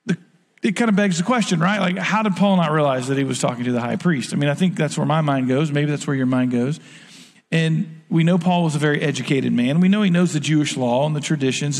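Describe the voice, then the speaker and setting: A pastor preaches in a casual, conversational way and slips into the voices of the people he quotes. His voice sits slightly high for a man. Long reverb hangs on every phrase, as in a large sanctuary. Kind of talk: sermon.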